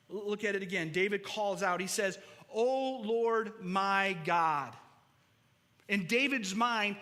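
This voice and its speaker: Man, pastor, sermon, earnest, repeats words for emphasis, high voice, reverberant church hall. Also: sharp tone.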